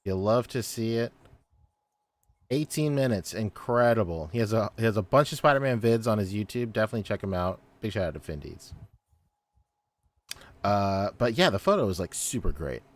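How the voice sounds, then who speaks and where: Laid-back man with a lively low voice. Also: moderate pace. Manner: laid-back, repeats praise, laughs often. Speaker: podcast co-host. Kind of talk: casual chat.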